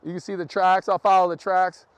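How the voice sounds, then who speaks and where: A man with a fairly high voice hosts a live stream outdoors in bitter cold, talking casually to his viewers and laughing often. His voice comes through dry and close, with no room echo. He is recorded on a camera set up on a tripod. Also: little pitch movement, brisk, clean tone, dull audio. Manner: chatty, laughs a lot, talks to viewers. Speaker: livestream host. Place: outdoors in freezing wind and snow.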